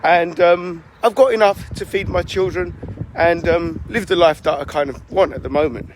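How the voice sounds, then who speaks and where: A man speaking as an unhurried village fisherman, easygoing and content, answering in short, plain lines. The voice stays close to an ordinary speaking voice, a touch high. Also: noisy background, close to an everyday voice.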